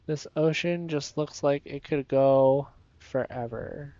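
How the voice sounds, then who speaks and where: Streamer, male, unhurried and playful, sleepy edge, dry muffled home mic. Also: on the high side, mellow, no room sound. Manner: playful, sleepy, talks to chat and creatures. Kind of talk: casual gameplay commentary.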